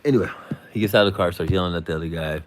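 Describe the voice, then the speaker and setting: A man's voice: sits low, racing, slight background noise. A man hosting a live stream, telling a rambling story in slangy casual talk, sounding tired. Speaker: livestream host.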